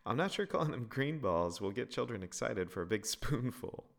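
A man's voice: medium pitch, big pitch swings, moderate pace, gravelly, pitched above the performer's own voice. A man doing a giggly, patient mom. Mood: gentle. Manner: gentle, stifling laughter.

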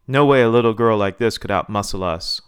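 A man's voice: fairly low pitch, brisk, clear, resonant tone, dry recording, studio quality, natural voice. A man voicing a jealous, accusing male thumb wrestler in a read-aloud story. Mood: angry. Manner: seething, accusing.

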